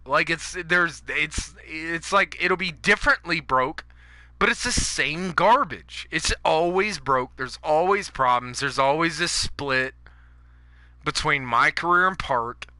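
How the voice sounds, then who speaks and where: A man's voice: fairly high pitch, pushed and bright, no room sound. A man giving angry, profane commentary over his own gameplay, ranting at the audience. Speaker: gaming YouTuber.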